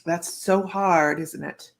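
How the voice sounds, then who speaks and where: A woman's voice: on the low side, fairly even intonation, slow pace, gravelly. A woman psychic reader hosting a live stream, chatting in a rambling, friendly way and greeting viewers by name. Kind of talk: casual live-stream chat.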